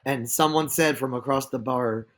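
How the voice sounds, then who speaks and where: A man casually retelling a bar story on a podcast, animated, with lots of "she goes.". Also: mid-range voice, moderate pace. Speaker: podcast co-host.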